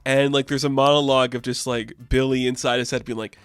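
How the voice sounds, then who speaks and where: A man giving a casual comic book recap, excited and rambling. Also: medium pitch, fast talker, clear, resonant tone, dry recording.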